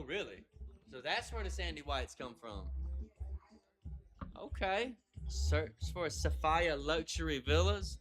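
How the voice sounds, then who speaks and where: A man hosting a livestream in casual chat, joking, swearing and laughing often. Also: fairly high pitch. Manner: playful, profane, laughs often. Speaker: livestream host.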